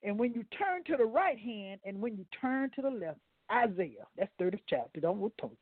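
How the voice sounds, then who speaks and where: A man's voice: high voice, big pitch swings, normal speed, dry recording. Male guest preacher, folksy radio sermon, thin phone-line sound, dry. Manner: folksy, stumbles over words, talks to the listeners.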